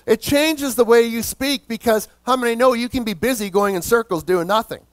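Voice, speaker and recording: High-voiced preaching man, dry sound. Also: lively intonation, dry recording. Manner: preaching with call-and-response asides to the congregation; slows down to stress key words. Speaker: pastor. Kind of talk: sermon.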